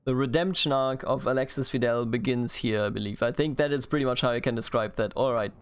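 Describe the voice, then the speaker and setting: Smooth-voiced German gamer talking through play. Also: male voice, medium pitch, quick pace. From Bavaria. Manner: chatty and thinking aloud. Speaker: gaming YouTuber. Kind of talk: let's play commentary.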